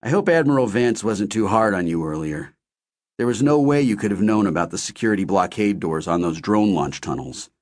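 A man's voice: fairly low pitch, animated, a little fast, darkish tone, lightly acted. A man voicing a cheerful middle-aged male company founder, friendly and gracious in an audiobook. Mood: reassuring.

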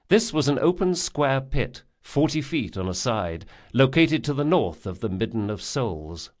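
A man narrating a fantasy audiobook in a measured, vivid storytelling manner. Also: lowish voice. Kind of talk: scripted narration.

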